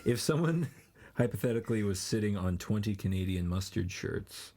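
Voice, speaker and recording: Very deep, gravelly, husky man. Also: lively intonation, moderate pace, mellow, slight background noise. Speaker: podcast guest. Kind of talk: casual chat.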